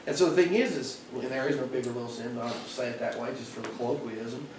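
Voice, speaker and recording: A pastor with a Southern American accent preaching a conversational evening sermon, retelling scripture stories with little voices and many restarts. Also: male voice, medium pitch, fast talker, a little mellow, slight background noise. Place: church sanctuary. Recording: echoey church from far off.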